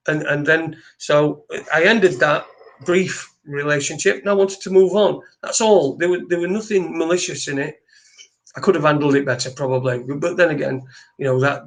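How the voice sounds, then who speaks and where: A man's voice: fairly high pitch, creaky. A man hosting a live internet show, chatting in a rambling way with frequent restarts and casual swearing. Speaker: host. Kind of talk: casual live-stream chat.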